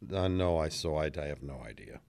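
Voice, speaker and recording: A man's voice: extremely low pitch, expressive, fast, vocal fry, darkish tone, dry recording, clean studio sound. A man co-hosting a radio show in casual banter, often hesitating with fillers while he thinks. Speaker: radio co-host.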